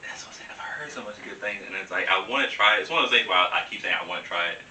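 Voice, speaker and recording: A young man speaks fast in a low, bright voice, animated and full of slang, laughing often. He sounds a bit distant from the mic in an echoey room with a faint hiss. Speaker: guest. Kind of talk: casual chat over wine.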